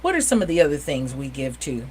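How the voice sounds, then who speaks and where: A woman hosts a local community show with chatty enthusiasm. She keeps the conversation going with quick, friendly asides. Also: a bass voice, sing-song, darkish tone, husky, rough recording. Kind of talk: casual interview chat.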